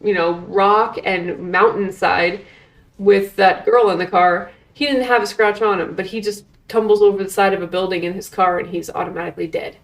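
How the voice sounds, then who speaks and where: A woman's voice: mid-range voice, fairly even intonation, far from the mic. A woman co-hosting a podcast, recapping a movie in casual chat, incredulous and teasing. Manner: incredulous, teasing, drawn-out storytelling. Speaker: podcast co-host.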